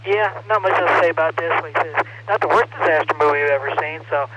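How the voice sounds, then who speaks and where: A man on an amateur radio net, chatting casually in a relaxed, hesitant way with many fillers. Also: fairly high pitch, fast. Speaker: ham radio net participant. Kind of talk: casual on-air chat over radio. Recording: muffled radio audio with loud static.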